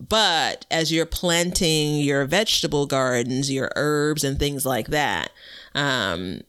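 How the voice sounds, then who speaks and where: An upbeat man co-hosting a gardening chat and giving friendly tips. His voice sits fairly high for a man and sounds bright and crisp. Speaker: podcast co-host. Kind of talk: casual chat about gardening.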